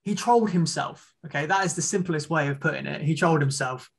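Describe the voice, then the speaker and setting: Man co-host, gravelly voice, rather high, rambling casual talk. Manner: drawn-out, rambling asides. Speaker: podcast co-host. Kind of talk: casual podcast chat.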